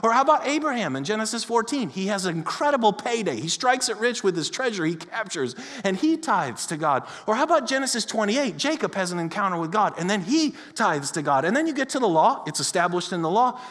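Man, pastor, sermon, lively storytelling, high voice, long hall reverb. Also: a little fast, few pauses. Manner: animated storytelling, acts out quoted voices. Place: church sanctuary.

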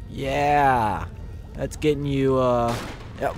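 A man with a hoarse, gravelly voice casually commentating a video game, crude and joking. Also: medium pitch, fairly even intonation, takes it slowly, darkish tone, soft background music. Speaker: gamer. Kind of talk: casual let's play commentary.

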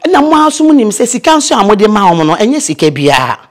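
An older veteran actress from Ghana, telling lively stories in a casual interview. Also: female voice, mid-range voice, quick pace. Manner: lively storyteller, mixes in English phrases.

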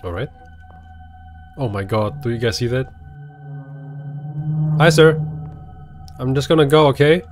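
A man's voice: medium pitch, expressive, a little slow, pauses often, over music. A man giving casual let's-play commentary, chatting to the game and yelping when startled. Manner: chatty, talks to the game, jumpy yelps. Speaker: gaming video creator.

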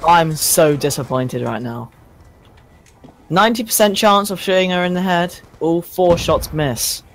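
A gamer mutters through a shooter match in a medium-pitched voice, grumbling quietly about each death. A faint hiss sits under the voice. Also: unhurried. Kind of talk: casual gaming commentary.

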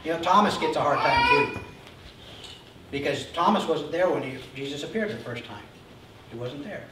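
In a church sanctuary, a man with a fairly high-pitched voice preaches on Easter at a moderate pace. He animatedly portrays figures from the Bible and keeps asking his listeners "Okay?" The recording is heavily reverberant, picks him up from afar, and carries faint noise.

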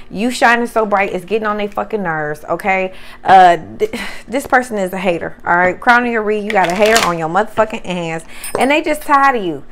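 Cussing tarot lady going off at viewers, pitch jumping all over, kinda high voice. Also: a little hiss or hum. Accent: Southern US. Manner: profane, animated, talks straight to viewers. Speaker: tarot reader. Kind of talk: casual tarot reading.

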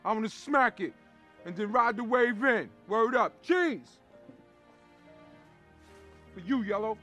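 A man's voice: sits high, normal speed, husky, faint music behind, heavily acted. An actor playing a brash, crude streetwise man who coaches his friend on women in a comedy film. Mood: showing off. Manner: boastful, crude, loud and animated. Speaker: film character.

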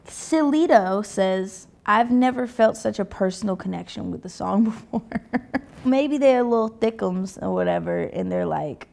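A young woman in her twenties reads viewer comments aloud and reacts to them. Her delivery is laid-back and sarcastic, with casual swearing. Her mid-range voice keeps slipping into a gravelly fry. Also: medium pitch, expressive, unhurried. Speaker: musician reading comments.

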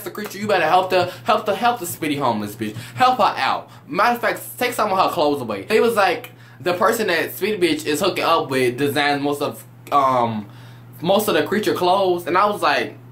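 A reviewer giving a brash, profane, sassy casual recap of a reality show, swinging between high shrieks and low mutters. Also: a bit bright, a little hiss or hum.

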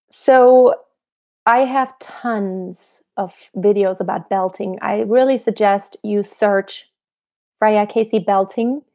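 A woman's voice: on the high side, mellow. Woman voice teacher explaining on a live stream. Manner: explanatory, asks herself rhetorical questions, demonstrates voice placements. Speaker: singing teacher. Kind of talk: live-stream vocal lesson and Q&A. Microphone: computer mic on a live stream.

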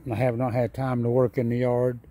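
A man vlogging outdoors in his yard, tired and sad after a sleepless night, talking in a halting, repetitive, subdued way. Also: medium pitch, monotone, mellow. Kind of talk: casual vlog monologue.

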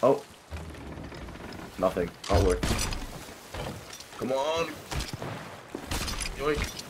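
A young man with a lowish voice plays a game while chatting with his teammates, excitable and quick to swear. He breaks into sudden loud bursts. Clear boat and water game sounds run underneath his voice. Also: noisy background. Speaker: game streamer. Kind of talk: casual gameplay chat with teammates.

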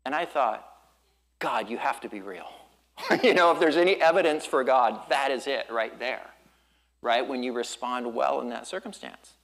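A male pastor from Southern California preaching a sermon in a relaxed storytelling way, with surfer slang and quick laughs. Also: medium pitch, creaky.

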